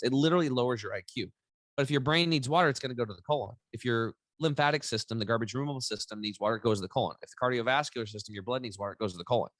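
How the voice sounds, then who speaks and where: A man's voice: medium pitch, a bit bright, no room sound. A man in his forties, a podcast guest telling a personal story with lots of energy and animation. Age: 40s. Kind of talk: casual storytelling interview.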